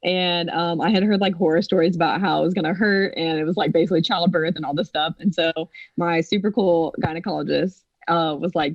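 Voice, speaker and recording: A woman in her twenties telling a personal story on a podcast in an animated way, with lots of fillers. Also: fairly low pitch, brisk, hardly any pauses, dry recording. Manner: animated, acts out quotes, many fillers. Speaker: podcast co-host. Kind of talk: casual storytelling. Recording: dull, dry sound.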